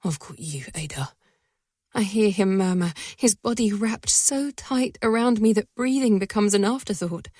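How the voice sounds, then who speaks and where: A woman narrating a first-person romance audiobook in a soft, breathy voice that often sinks to a whisper. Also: mid-range voice, normal speed, few pauses, dry recording, studio quality.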